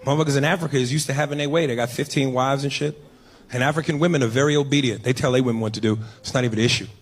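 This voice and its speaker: A man's voice: medium pitch, fairly even intonation, rapid-fire. A man doing a brash, profane stand-up comedy set in a comedy club. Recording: live club with audience and noise.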